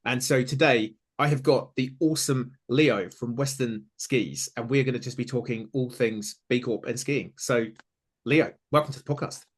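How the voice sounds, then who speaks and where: A man's voice: mid-range voice, moderate pace. A man hosting a podcast, chatting casually and upbeat with lots of fillers and restarts. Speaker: podcast host. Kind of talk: casual interview chat.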